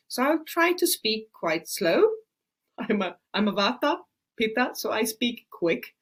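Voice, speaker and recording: Swedish woman, native swedish speaker, middle-aged, hosting a webinar, chatty with many fillers, lively swooping pitch. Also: normal speed. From Sweden. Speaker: Ayurvedic practitioner hosting a webinar. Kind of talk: casual webinar talk.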